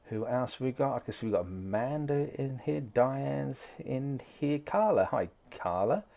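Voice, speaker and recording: Casting: male live-stream host, mid-pitched, chatty and rambling. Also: animated, measured pace, vocal fry, dark tone. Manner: chatty, greets viewers by name, rambling asides. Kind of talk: casual live-stream chat reading out viewer comments.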